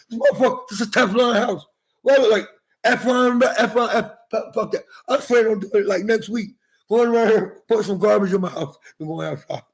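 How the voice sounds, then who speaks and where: A man in his forties talking straight to viewers in a rambling, profane monologue from inside his house, jumping from topic to topic. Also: extremely high pitch.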